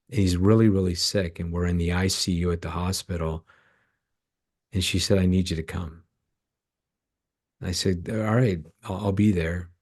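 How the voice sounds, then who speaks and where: A middle-aged man from Canada with a very low, deep voice tells ministry stories as a podcast guest. He is earnest and heartfelt, and he acts out the lines of the people in his stories. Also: mellow. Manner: earnest, emotional storyteller acting out dialogue. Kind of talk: storytelling in a podcast interview.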